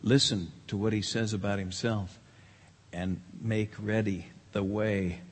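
Slow, husky-voiced preacher in a hall. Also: male voice, fairly low pitch, steady tone. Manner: emphatic, with dramatic quoted voices. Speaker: pastor. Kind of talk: sermon. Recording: long hall reverb.

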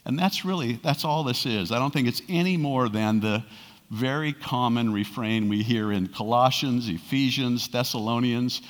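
A male pastor delivers a conversational sermon, tossing rhetorical questions to his congregation as he paraphrases scripture. His voice sits at an ordinary middle pitch and trails into the long reverb of a large hall. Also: moderate pace.

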